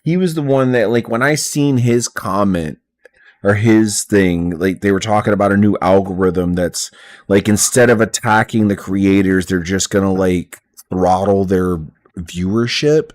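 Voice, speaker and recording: A man's voice: fairly low pitch, measured pace, a little mellow, no echo. A young man streaming live while coding, chatting bluntly and swearing as he restarts his sentences.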